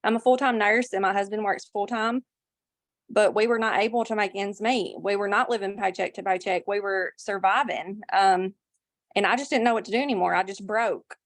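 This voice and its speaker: A woman shares her personal story on a video call, earnest and heartfelt, with her voice close to tears. She sits at a middle pitch. The sound is dry and close, with no room echo. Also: brisk. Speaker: guest sharing a testimonial.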